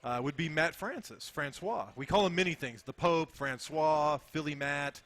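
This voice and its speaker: A man co-hosting a podcast from a bar, introducing guests in a relaxed, teasing way. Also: on the high side, moderate pace. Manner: relaxed, teasing, often agreeing with short replies. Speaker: podcast co-host. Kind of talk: casual bar chat.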